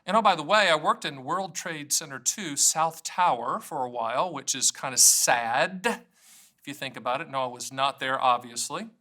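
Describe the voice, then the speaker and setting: He speaks at a normal pace in a somewhat high voice that sounds pushed and bright. The middle-aged American annuity agent and host addresses the camera alone with energy, flipping playfully between self-mocking humor and explanation.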